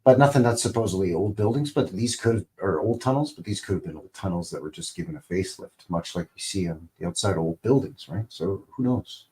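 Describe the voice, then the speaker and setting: A man's voice: low-pitched, expressive, brisk, few pauses, a little mellow, slight background noise. A man hosting a live stream, talking casually in a rambling, conversational way, full of "you know" and "right?".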